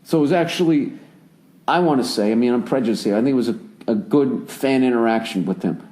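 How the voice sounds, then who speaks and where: A man in his forties from the United States, hosting a casual podcast chat and telling stories with lots of swearing and sudden jumps up in pitch when he rants. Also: quick pace. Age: 40s. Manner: profane, animated storyteller who swings his voice up high when ranting. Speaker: podcast host.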